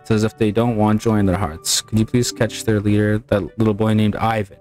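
A man's voice: lowish voice, level tone, a little fast, a little mellow, faint music behind, lightly acted. A man reading aloud the lines of a flashy, fretful middle-aged woman schoolteacher from a video game, in a polite and fussy way. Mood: pleading.

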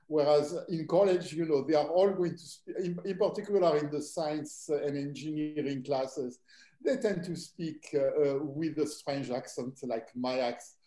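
An older man from southern France with a French accent, a mathematics professor lecturing to students in a relaxed, hesitant way full of fillers. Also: fairly high pitch, measured pace. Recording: echoey room.

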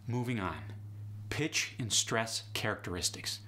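A man's voice: on the low side, animated, a little slow, sharp tone. A man teaching an accent lesson step by step, upbeat and explanatory, saying example words to show each sound. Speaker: accent coach.

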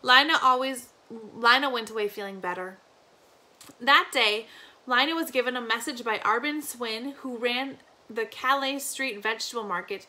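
Bright-voiced teacher reading a novel aloud. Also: female voice, a little high. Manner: steady, with small slips and restarts.

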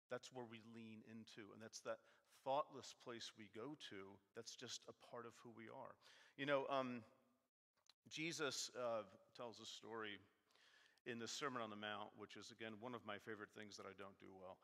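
A man preaching a casual, self-deprecating sermon with a bright, forceful tone. His voice rings out with long reverb through a church sanctuary, and he acts out his points by arguing with his text. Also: mid-range voice. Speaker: guest preacher. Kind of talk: conversational sermon.

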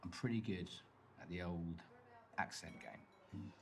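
A man's voice: low-pitched, vocal fry, a little mellow, slightly rough, full character voice. An actor playing a cocky, joking young man on a date in a live-action video game. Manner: cocky, quick-witted, joking.

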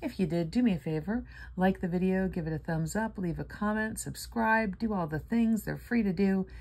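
A woman's voice: medium pitch, normal speed, a little mellow. An older woman casually chatting and reading out numbers while scratching lottery tickets, playful and sleepy. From Florida. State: sleepy, yawning.

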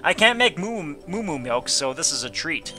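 Jokey let's player, male, bright somewhat high voice, reads dialogue with silly asides. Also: very animated, moderate pace, faint music behind. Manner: jokey, reads game text aloud with goofy asides. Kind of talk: casual gameplay commentary.

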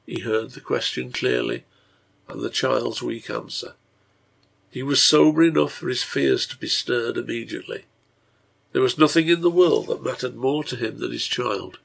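Gravelly man reading a story. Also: mid-range voice, fairly bright tone. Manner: measured storytelling. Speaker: reader and translator. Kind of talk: reading a serialized novel aloud.

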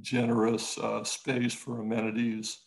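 A man, an architect, talking casually in an interview, halting with many restarts and growing lively when he tells a story. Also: medium pitch, creaky, poor audio. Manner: halting, many restarts and fillers, animated when telling stories.

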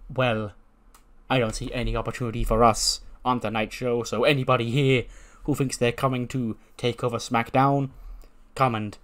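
A man voicing a pompous male wrestler with a French accent, speaking slowly and haughtily. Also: medium pitch, fairly bright tone, close to an everyday voice.

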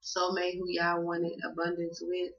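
A Southern woman reading tarot in a loose, cussing, emphatic monologue. Her voice is bright and forceful, and the audio sounds dull and lo-fi. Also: on the low side, completely flat delivery, normal speed. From Southern United States. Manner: profane, emphatic, slangy and affectionate. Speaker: tarot card reader.

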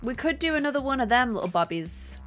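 A young woman streaming a building game, chatting casually and excitedly thanking her viewers. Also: high voice, quick pace. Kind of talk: casual gameplay livestream chat. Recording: faint music behind.

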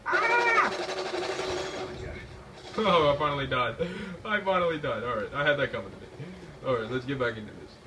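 A young man giving loud, profane, excitable live commentary over a shooter game, yelping when things go wrong. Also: medium pitch, fast talker, far from the mic, background noise. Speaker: gaming commentator.

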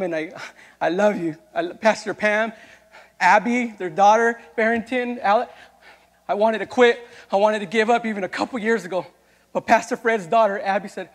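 A male youth pastor giving a personal testimony in a sermon, moving from quiet storytelling to loud, impassioned preaching that calls out to the congregation. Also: sits high, long reverb tail.

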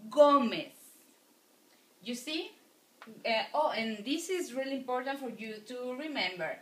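A woman's voice: sits high, lively intonation, moderate pace. A woman teaching a lecture, patiently repeating words for her students. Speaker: Spanish teacher. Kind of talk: recorded classroom lecture. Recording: echoey room.

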